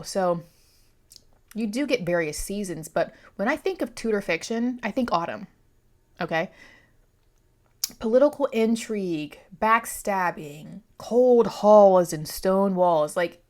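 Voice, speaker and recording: A young woman in a casual chat about books, rambling and correcting herself as she goes. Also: fairly low pitch. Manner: chatty, rambling, self-correcting. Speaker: book vlogger.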